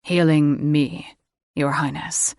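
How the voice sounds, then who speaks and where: A woman's voice: sits low, takes it slowly, dry recording, clean studio sound, voice pushed down. A woman doing a firm, protective dragon shifter. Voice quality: firm, steady.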